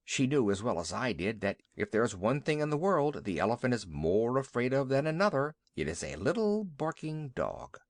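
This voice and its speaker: A man narrating a classic children's story in an expressive storytelling manner. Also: mid-range voice, normal speed, few pauses, no echo, studio quality. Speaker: audiobook narrator. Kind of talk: scripted audiobook narration.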